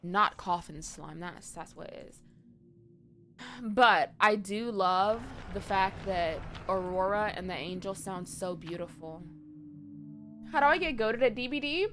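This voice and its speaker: A woman's voice: mid-range voice, normal speed, fairly bright tone, slight background noise. A young woman streaming live, chatting casually with her viewers and reading chat aloud, swearing now and then.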